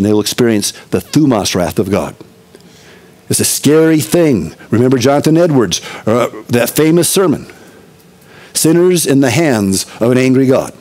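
A man's voice: mid-range voice, darkish tone. A middle-aged male pastor preaching a conversational expository sermon, with emphatic repetition.

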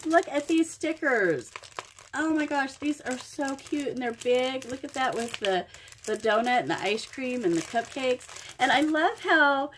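A middle-aged woman from Oklahoma with a fairly high voice gushes over stickers and paper in an unboxing vlog, exclaiming and thanking over and over. Paper crinkles faintly behind her. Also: lively intonation, measured pace, a bit bright, a little hiss or hum. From Oklahoma, USA. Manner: gushing, effusive, exclaims often. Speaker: crafting vlogger. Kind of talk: happy mail unboxing vlog.

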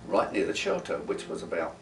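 Old guy in his 80s telling war stories, low voice, kinda far off mic in an echoey room. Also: fairly quick, vocal fry. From London, England. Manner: lively storyteller with folksy grammar and asides. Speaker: interviewee, wartime veteran. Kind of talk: casual spoken recollection. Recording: roomy, distant mic with faint guitar music.

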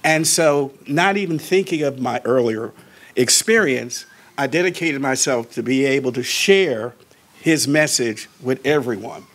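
A man in his sixties recounts a personal testimony in an animated style. He draws out important words and shifts between quiet asides and raised emphasis. His pitch sits in an ordinary middle range for a man. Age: 60s. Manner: slows down and draws out key words. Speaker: Baptist pastor.

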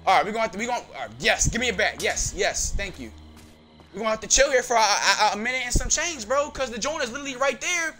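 A man giving excitable, slangy gameplay commentary, reacting loudly as he plays. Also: very high-pitched, fast talker. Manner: casual slangy talk. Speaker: gaming channel host. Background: game music.

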